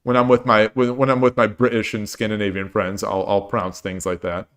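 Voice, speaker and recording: A man's voice: on the low side, little pitch movement, a little fast, fairly bright tone. A tired man in his forties chats casually with his stream audience. He rambles, circles back over his own words and jokes at his own expense. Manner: rambling, with frequent restarts and self-deprecating jokes. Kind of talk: casual chat while streaming games.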